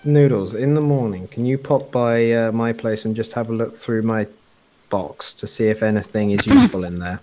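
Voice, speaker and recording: A man's voice: lowish voice, normal speed, dark tone. Laid-back man chatting while gaming. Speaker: gamer co-host. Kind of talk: casual gaming chat.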